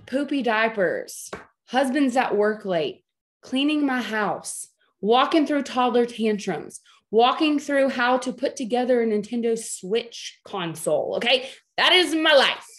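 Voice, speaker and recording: Woman in her thirties, slightly high voice, playful and emphatic team-coaching delivery, heard over a video call. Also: lively intonation, measured pace. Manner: chatty, joking and emphatic, with many "okay?" check-ins. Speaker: team leader training her sales team. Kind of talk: training talk on a video call.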